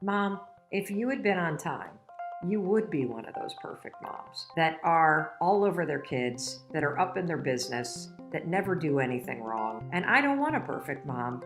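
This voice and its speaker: A woman's voice: fairly low pitch, animated, normal speed, a bit bright, faint music behind. A middle-aged woman giving a motivational talk, telling personal stories in a candid, emotional way. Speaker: motivational speaker.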